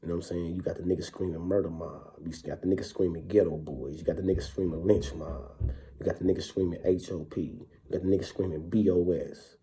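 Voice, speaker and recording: A man's voice: low-pitched, steady tone, quick pace, mellow. A man from Wisconsin, a former prisoner, telling his story in casual, profane street talk and keeps asking "you know what I'm saying".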